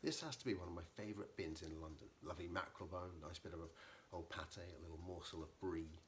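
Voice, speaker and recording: A man's voice: low-pitched, fast talker, slight background noise, natural voice. A man voicing a large, pompous male creature in a tweed jacket. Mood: savoring. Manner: pompous, plummy.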